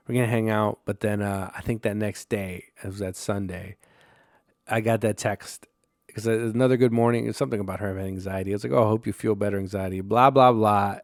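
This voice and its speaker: A man's voice: on the low side, steady tone, fast, gravelly, no room sound, clean studio sound. A man hosting a solo podcast, telling stories in a rambling, profane way full of fillers and restarts. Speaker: podcast host.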